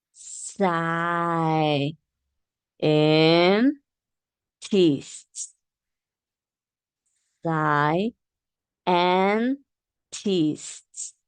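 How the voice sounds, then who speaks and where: A woman teacher giving a demo phonics lesson, patiently repeating words slowly and clearly and encouraging her learners. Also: sits low, dry recording.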